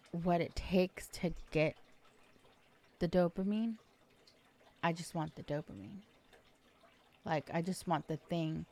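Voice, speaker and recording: With a low, creaky and slightly mellow voice, a young woman talks on her own podcast. Her casual solo chat rambles along, self-deprecating and heavy on fillers.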